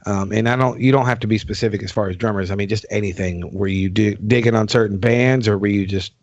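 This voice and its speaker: A man's voice: lowish voice, fairly even intonation, fast talker, darkish tone, no echo. A man in his forties hosting a podcast, rambling in casual chat and swearing freely. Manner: rambling and profane. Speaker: podcast host. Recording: dull dry lo-fi sound.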